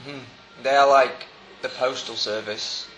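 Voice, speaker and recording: A man co-hosting a podcast in casual chat, with a bright tone. He trades dry quips and puns. The room is echoey with a faint hiss. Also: mid-range voice, steady tone, takes it slowly. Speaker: podcast co-host.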